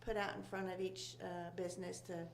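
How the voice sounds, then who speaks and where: A woman from a local chamber of commerce chatting casually, rambling and halting with many fillers. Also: lowish voice, level tone, gravelly, a little hiss or hum. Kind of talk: casual local talk show chat.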